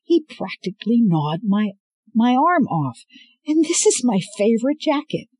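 A man's voice: high-pitched, expressive, normal speed, darkish tone, breathy edge, dry recording, pitched above the performer's own voice, exaggerated voice. A man voicing a cocky young male ship captain who talks in an exasperated, joking way.

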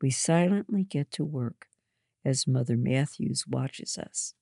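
A narrator reading a first-person story aloud in a slow, measured way. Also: medium pitch, creaky, darkish tone, breathy edge, no echo, studio quality.

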